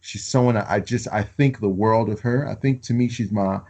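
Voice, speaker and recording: A man co-hosting a podcast, rambling in casual film chat with many fillers and halting restarts. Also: on the low side, darkish tone. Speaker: podcast co-host.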